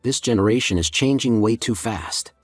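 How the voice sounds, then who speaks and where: A man voicing a calm, sharp young man who muses wryly to himself. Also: on the low side, moderate pace, no echo, soft background music, close to an everyday voice. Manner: calm, dry.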